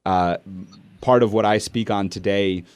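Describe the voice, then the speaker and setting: A man's voice: on the low side, measured pace, smooth. A middle-aged man hosting an interview, telling a family story casually and acting out the dialogue. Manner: animated, acts out family dialogue. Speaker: podcast host and speaker.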